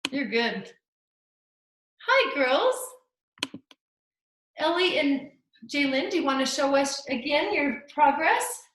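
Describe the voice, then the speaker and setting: A woman's voice: high-pitched, big pitch swings, slow pace, long pauses, fairly bright tone, a little hiss or hum. A woman teaching a live online art class to children over a video call, full of gushing, encouraging praise. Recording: echoey room.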